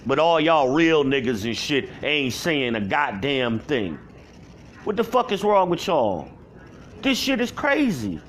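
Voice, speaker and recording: A man delivering a heated, profane rant to camera, yelling at home by himself. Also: fairly high pitch, big pitch swings, unhurried, a little hiss or hum. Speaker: vlogger. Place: at home alone.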